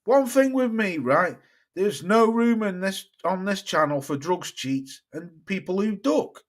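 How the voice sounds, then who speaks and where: A middle-aged man from the United Kingdom with a British English accent hosts a boxing live stream, reading viewer comments in casual chat. His voice sits high and is animated but a little slow, and he's blunt and swears freely.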